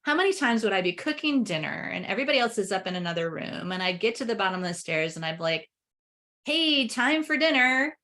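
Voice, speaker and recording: A woman talking as a parenting coach on a webinar, animated, laughing as she explains and acting out family dialogue. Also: fairly low pitch, quick pace, hardly any pauses. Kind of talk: webinar conversation.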